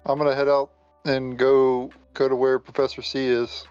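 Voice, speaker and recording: Male player, eager, flat delivery, smooth tone, dull lo-fi audio. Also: medium pitch, moderate pace, soft background music. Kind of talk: casual tabletop play.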